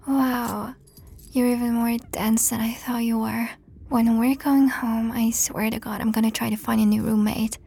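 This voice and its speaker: A young woman performing an audio role-play to the listener, sarcastic and profane, often dropping into a breathy whisper. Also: a little high, dark tone.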